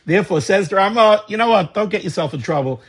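A man teaching a lesson on religious law, reading passages aloud and explaining them in a lively way. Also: high voice, fast, breathy edge. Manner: lively explaining, reading Hebrew texts and translating. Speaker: Torah teacher. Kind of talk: Talmudic study lecture.

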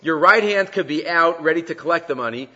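Man, Talmud lecture, bright forceful voice, long hall reverb, dull muffled sound. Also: on the high side, brisk. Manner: animated, acts out quoted speakers, mixes Hebrew and Aramaic terms. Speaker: Talmud teacher.

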